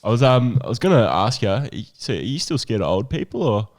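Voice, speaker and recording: Guy cohost, chill interjections, super swingy pitch, casual podcast. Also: big pitch swings, fairly quick, darkish tone.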